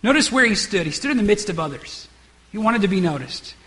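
A man's voice: high-pitched, animated, fairly quick, a bit bright, in a large hall. A man preaching a sermon, acting out the characters' lines and often restarting his words. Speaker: pastor.

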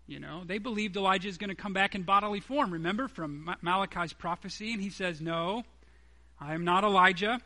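A man's voice: high-pitched, quick pace, hardly any pauses, bright, forceful tone. A man preaching a sermon, emphatic, acting out quoted dialogue from the story.

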